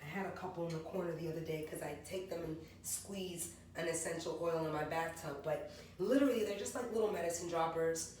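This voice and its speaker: A woman's voice: low-pitched, brisk, darkish tone. A woman in her forties, a maker of natural hair and skin products, chatting her way through her product line and rambling through lists of ingredients. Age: 40s. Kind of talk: casual product walkthrough vlog. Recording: very echoey room, voice from far off, faint background hum.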